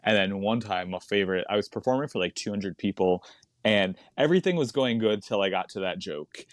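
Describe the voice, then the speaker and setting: A man's voice: lowish voice, brisk, no echo, clean studio sound. A man, a stand-up comedian chatting as a podcast guest, rambling into tangents and laughing often. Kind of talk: casual podcast chat.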